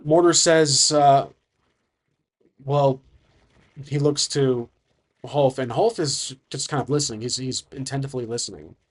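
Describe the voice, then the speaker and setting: A man's voice: mid-range voice, steady tone, a little slow, long pauses. A man narrating a solo tabletop game, thinking aloud and hesitant, with frequent restarts.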